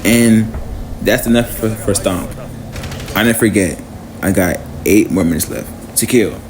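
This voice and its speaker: A young man talking casually about gaming in a rambling, halting way, full of restarts, slang and swearing. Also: lowish voice, background noise. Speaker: gaming content creator. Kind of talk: rambling casual vlog monologue.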